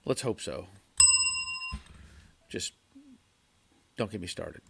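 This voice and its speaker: A man hosting a casual livestream from his garage, reading viewer chat and answering in a halting way, repeating words and chuckling often. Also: deep voice, lively intonation, gravelly, slightly rough. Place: home garage.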